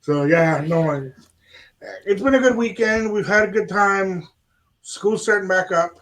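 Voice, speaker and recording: Animated man telling a story. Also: high voice, unhurried. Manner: animated, acts out quoted dialogue. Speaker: radio show host. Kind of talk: casual storytelling chat.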